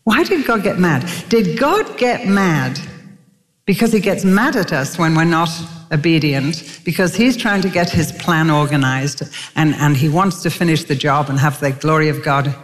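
A woman's voice: low-pitched, moderate pace. An older woman preaching a sermon, telling stories animatedly and acting out quotes. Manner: animated storytelling with acted quotes. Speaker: Christian speaker. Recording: long hall reverb with faint music.

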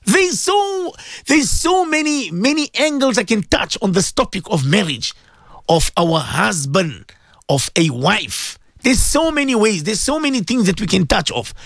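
On his radio program, a Muslim cleric speaks emotionally and returns again and again to rhetorical questions for the audience. His voice is extremely high and fairly bright, with a sing-song lilt at a moderate pace. There's no room sound at all.

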